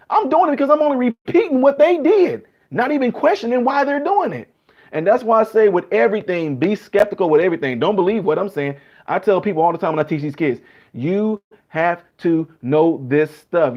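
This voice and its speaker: Male host, animated storyteller, dull lo-fi recording. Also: high-pitched, fast talker. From Chicago. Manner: animated storytelling, acting out quoted people. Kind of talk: casual monologue.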